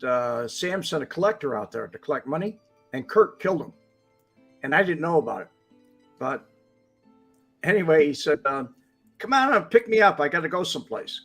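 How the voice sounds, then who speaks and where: A man's voice: on the high side, a bit bright. An older man, a guest on a casual livestream, tells a rambling anecdote with many fillers and acts out the lines of the people in it. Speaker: guest storyteller.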